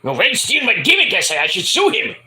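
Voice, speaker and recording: A man's voice: high-pitched, huge pitch swings, quick pace, sharp tone, roomy sound, heavily acted. A man doing a cocky proud wrestler dad voice. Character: impression of a late male wrestler, boastful proud father.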